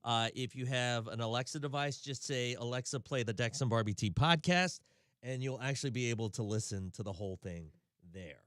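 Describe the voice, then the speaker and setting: A man's voice: mid-range voice, a little fast, a bit bright, clear, resonant tone, dry recording, clean studio sound. A man with a Southern accent hosting a radio show, chatting loosely and laughing easily between stories. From Tennessee, US. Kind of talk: casual radio chat. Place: radio studio.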